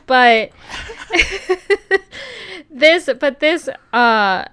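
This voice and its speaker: A woman co-hosting a podcast, talking casually in a slow, halting way with many fillers. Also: high-pitched, very animated, a bit bright. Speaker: podcast co-host.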